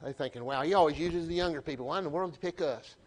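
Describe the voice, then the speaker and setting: A man with a Southern US accent preaching a sermon to his church, folksy and animated, often restarting his phrases. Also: on the high side, rapid-fire. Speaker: pastor. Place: church sanctuary.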